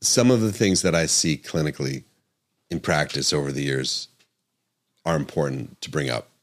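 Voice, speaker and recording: Speaking at a normal pace in a bass voice, a middle-aged doctor runs a solo podcast segment. His manner is earnest and emphatic, and he tends to repeat himself and fix his wording out loud.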